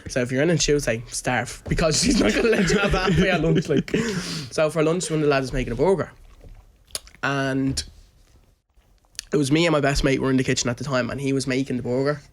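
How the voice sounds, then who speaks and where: A man's voice: medium pitch, a little fast, a little hiss or hum. Young Irish man telling a story. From Ireland. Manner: animated, does voices of people in his stories. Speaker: podcast co-host. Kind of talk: casual storytelling chat.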